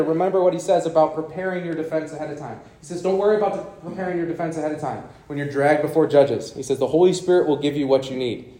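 A man in his thirties preaching a sermon to a live congregation in a church, animated and conversational, often checking in with "okay?" and "right?". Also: fairly high pitch.

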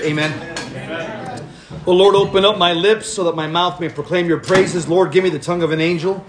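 An older man giving a lively sermon as preacher and radio host, telling stories and acting out the voices in them. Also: high voice. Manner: animated, acts out quoted voices. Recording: echoey room with faint noise.

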